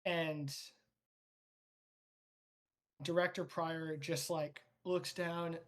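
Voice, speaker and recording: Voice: mid-range voice, flat delivery, slow. Rambling tabletop game master. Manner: loose, rambling narration with many fillers.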